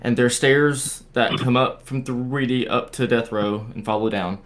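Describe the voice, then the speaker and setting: A young man tells his story in an unpolished, casual way. He stumbles, repeats words and restarts his sentences often. His voice sits at an ordinary middle pitch. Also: fairly even intonation, measured pace, fairly bright tone, slight background noise. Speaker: guest sharing a paranormal experience. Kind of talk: casual storytelling on a video call.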